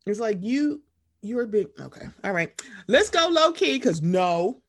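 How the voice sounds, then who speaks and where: A woman co-hosting a podcast in casual chat, animated and expressive, swearing freely. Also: fairly high pitch, unhurried. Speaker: podcast co-host.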